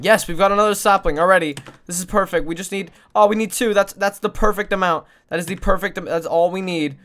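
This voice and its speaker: A woman streaming a video game, chatting casually with her viewers and swinging between squealing joy and mumbled asides. She coos in a high baby voice at a pet. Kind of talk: casual live-stream gaming commentary.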